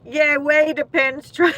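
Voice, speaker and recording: A woman's voice: sits high, fairly even intonation, slow pace, fairly bright tone, rough recording. An Australian woman hosting a casual live chat, laughing often and talking to her viewers by name. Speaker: livestream host.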